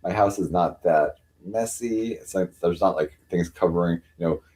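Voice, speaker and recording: Male streamer, deep and warm, loose rambling talk, baby-talks his cats. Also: moderate pace. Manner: rambling, full of fillers, coos at his cats in a higher voice. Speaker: livestreamer. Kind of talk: casual live-stream chat.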